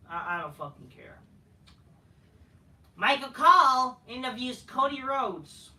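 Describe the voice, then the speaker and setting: A woman's voice: on the high side, expressive, measured pace, pushed and bright. A woman hosting a wrestling show review, ranting in a crude, sarcastic, heated way. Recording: echoey room, far from mic.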